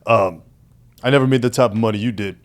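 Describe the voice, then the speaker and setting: A man's voice: fairly low pitch, fast talker. A man who is a guest on a casual podcast, telling his story animatedly with heavy profanity and calling the host "brother".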